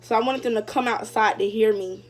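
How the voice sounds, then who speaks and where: A woman's voice: fairly high pitch, steady tone, a little fast. A young woman vlogger casually telling a story to her viewers, chatty and full of fillers. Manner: chatty, addresses viewers directly, many fillers.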